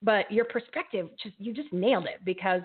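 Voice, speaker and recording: A woman's voice: medium pitch, fairly quick, slightly rough. A woman hosting a casual live interview, bubbly and laughing often, sometimes losing her train of thought. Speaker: host. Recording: tinny phone-like line.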